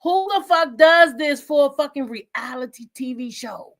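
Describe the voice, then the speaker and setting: A woman's voice: high-pitched, animated, normal speed, hardly any pauses, a bit bright. A woman hosting a gossip live stream, talking bluntly and profanely and laughing often. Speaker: host of a gossip show. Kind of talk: casual live-stream commentary.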